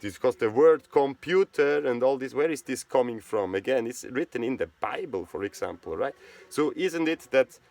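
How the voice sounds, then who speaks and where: A man's voice: mid-range voice, lively intonation, moderate pace, gravelly, darkish tone, no room sound. A man from Switzerland who speaks with a Swiss German accent, talking in a rambling casual monologue and often checking in with "right?". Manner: rambling, repeats words, asks "right?". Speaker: channel host.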